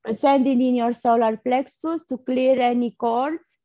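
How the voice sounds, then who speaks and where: A woman leading a guided energy healing session, speaking softly and haltingly with breathy blowing sounds between phrases. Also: on the high side, fairly even intonation, no echo. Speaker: energy healer guest. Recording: dull lo-fi sound.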